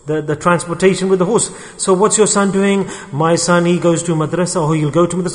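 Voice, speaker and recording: A fairly high-voiced man preaches a sermon to a gathering. He tells a parable and voices the mocking onlookers with a rising, animated pitch. His voice rings out with long hall reverb. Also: a little fast, few pauses. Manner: storytelling, acting out quoted people with rising pitch.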